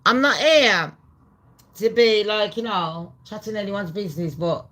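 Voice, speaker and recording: Slow-talking woman, blunt and profane. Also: mid-range voice. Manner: blunt, profane, chatty, with loud excited bursts. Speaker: channel host. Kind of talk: casual commentary vlog.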